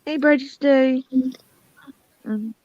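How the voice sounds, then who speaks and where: A woman's voice: sits high, slow pace, no echo. A woman in a casual panel chat, friendly and asking how others feel. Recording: dull, dry lo-fi line.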